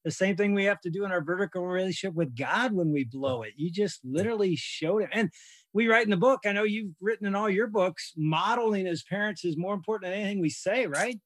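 A man with a slightly raised pitch co-hosts a podcast interview, speaking in a warm, emotional and encouraging way. The sound is dry and close. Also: fast talker, no echo. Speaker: podcast co-host. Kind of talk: casual interview chat.

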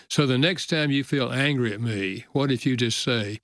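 A man's voice: mid-range voice, a bit bright, no echo. An older man tells a heartfelt story from his own family life. He speaks earnestly and eases his pace at the tender moments. The sound is dry and close. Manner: earnest, slows down for emotional moments. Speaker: author and guest. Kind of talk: storytelling in a podcast interview.

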